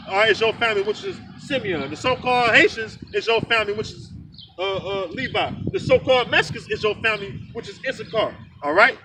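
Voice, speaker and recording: A man preaching heatedly outdoors, fiery and profane, tagging sentences with "man". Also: very high voice. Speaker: street preacher. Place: outdoors in the rain. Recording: distant mic with outdoor noise.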